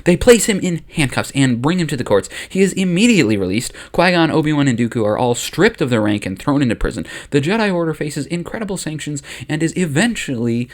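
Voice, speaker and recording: A man hosting his channel and narrating a comedic story in a casual, wry, deadpan way. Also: fairly high pitch, fast talker, few pauses.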